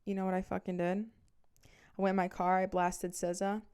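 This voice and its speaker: Smooth-voiced young woman telling a candid story. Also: mid-range voice, monotone, brisk, a little mellow. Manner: candid, swears freely, dramatic retelling. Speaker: podcast host. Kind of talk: casual storytime.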